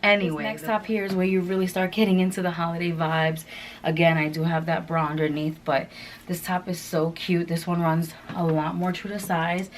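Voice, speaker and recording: Woman, fashion vlogger, try-on haul, gushing, lowish voice, faint background noise. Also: little pitch movement, brisk, poor audio. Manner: gushing, chatty, many fillers.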